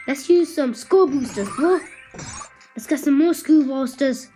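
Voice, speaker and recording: A woman's voice: sits high, a little slow, dark tone, faint music behind, rough recording. A woman giving casual, chatty commentary while playing a video game, playful and tripping over her words. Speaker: gameplay commentator.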